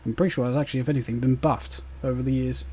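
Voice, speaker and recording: A man's voice: mid-range voice, fairly even intonation, racing, warm tone, husky. A British man streaming a game live, chatting and rambling as he answers his chat with fillers and laughs. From Britain. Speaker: gaming streamer.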